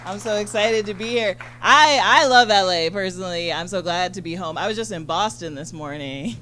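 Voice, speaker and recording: A woman doing a stand-up set on a club stage, chatty and bubbly, full of fillers and quick asides to the crowd. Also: medium pitch, pushed and bright, slight background noise. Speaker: stand-up comedian. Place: comedy club stage in front of an audience.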